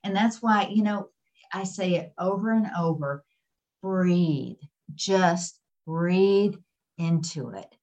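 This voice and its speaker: A woman's voice: lowish voice, takes it slowly, a little mellow, poor audio. Explanatory woman guest expert. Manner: explanatory, repeats key points. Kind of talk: interview explanation.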